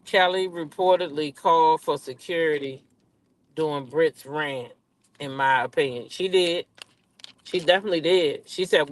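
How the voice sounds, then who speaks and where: Woman commentator, AAVE, ranting in her car, blunt, foul-mouthed, animated. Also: on the low side, measured pace, no room sound. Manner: blunt, profane, animated, talks back to chat. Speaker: reality TV commentator. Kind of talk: casual rant to viewers. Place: in a car at a drive-through.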